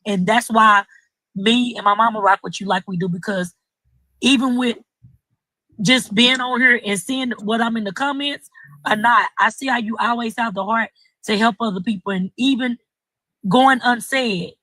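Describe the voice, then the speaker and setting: A bright, forceful voice belongs to a juror on a live stream. The sound is dry and close, and the talk is casual. The speaker is earnest and protective of the host. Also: mid-range voice, normal speed, no room sound, poor audio.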